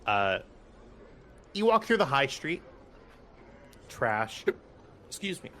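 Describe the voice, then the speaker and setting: A man narrating as game master of a tabletop game, unhurried, with many ums and casual asides. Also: mid-range voice, big pitch swings, sharp tone, a little hiss or hum.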